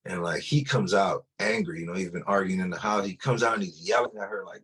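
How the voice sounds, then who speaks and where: A man speaks in a low, slightly raspy voice as he recounts his own story. His telling is casual and unpolished, with frequent restarts and fillers. It sounds like a personal testimony told to a listener. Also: brisk, few pauses, a bit bright. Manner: loose and conversational, full of "like" and restarts.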